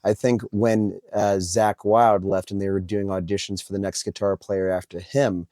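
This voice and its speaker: A man hosting an interview, asking questions in a relaxed way with hesitant fillers. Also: low-pitched, moderate pace, no echo, studio quality. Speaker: podcast host.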